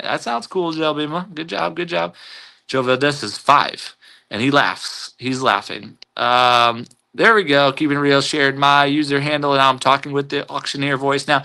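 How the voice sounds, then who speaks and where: Bright, chatty man hosting a live stream. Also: medium pitch, steady tone, moderate pace, creaky. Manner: upbeat, chatty, stumbles and repeats words. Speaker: live stream host reading chat. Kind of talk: casual live-stream chat.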